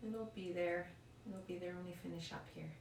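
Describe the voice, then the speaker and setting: A woman leading a yoga class in a calm, encouraging way, often checking in with "right?". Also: lowish voice, fairly quick, gravelly, noisy background. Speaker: yoga instructor. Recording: roomy echo, mic at a distance.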